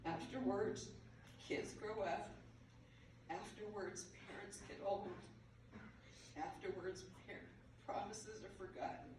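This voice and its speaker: An older woman giving a heartfelt memorial speech, halting and emotional, laughing through tears. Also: medium pitch, fairly even intonation. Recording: echoey hall from far off, with noise.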